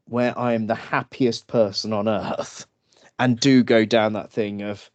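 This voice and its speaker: A man co-hosting a relaxed podcast chat. His voice sits a little low and unhurried, and he laughs through his own stories. The sound is close and dry. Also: dry recording, dull audio. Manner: slow, laughing storytelling with acted drunk voices. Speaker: podcast co-host. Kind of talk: casual chat.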